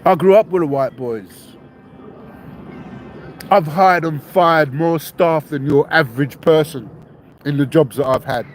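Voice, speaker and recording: A man's voice: fairly high pitch, measured pace, long pauses, a little hiss or hum, rough recording. A man, hosting a podcast monologue, repeating himself, swearing, and ending lines with "yeah?". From England, raised in London. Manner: repetitive, tags statements with "yeah?"; blunt and defiant, swears. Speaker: podcast host. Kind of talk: rambling monologue to listeners.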